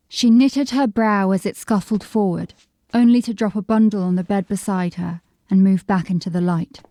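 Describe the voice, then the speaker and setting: A woman narrates a fantasy audiobook in a measured, descriptive way. Her voice is mellow and warm, and it sits at a middle pitch. The recording is dry and close. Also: no room sound. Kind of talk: scripted narration.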